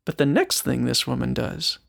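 Earnest man teaching scripture, gravelly. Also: mid-range voice, very animated, normal speed, a bit bright. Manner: earnest, asks rhetorical questions. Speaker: Christian speaker and musician. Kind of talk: reflective Bible teaching with scripture reading.

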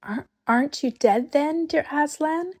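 An eager, tender-hearted little girl speaks in a raised, feeling-filled voice, as a woman reading a storybook puts her on. The tone is soft and slightly breathy. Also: medium pitch, slow pace, in a large hall. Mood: overjoyed.

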